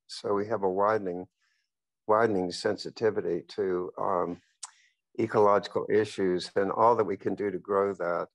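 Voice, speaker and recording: Low-pitched guy talking slow and thoughtful, dry sound. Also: no room sound, rough recording. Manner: halting, thoughtful, with pauses. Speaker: audience member. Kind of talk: discussion comment.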